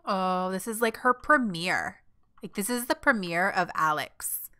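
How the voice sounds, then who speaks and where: A young woman chats through her gameplay in a bubbly, giggly way, her pitch bouncing all over. Her tone is bright and she takes her time, often slipping into little asides for her character. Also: animated, a little slow. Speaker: gameplay commentator. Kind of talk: casual let's-play commentary.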